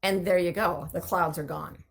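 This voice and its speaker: Gravelly-voiced woman teaching, animated. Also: lowish voice, moderate pace. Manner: animated, explaining with vivid examples. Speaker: host. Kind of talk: conversational teaching talk answering listener questions.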